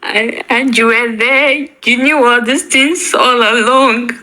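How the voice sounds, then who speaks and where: A young woman tells an emotional personal story, halting and often repeating her words. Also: fairly high pitch, fairly even intonation, sharp tone, low-quality recording. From Nigeria. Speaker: bereaved daughter.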